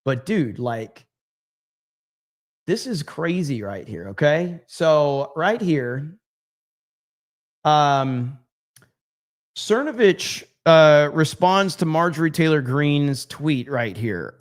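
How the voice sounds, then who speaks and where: Man, streamer host, brash, profane, repetitive, fairly high voice. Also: animated, slow pace, long pauses. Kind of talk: live-stream commentary.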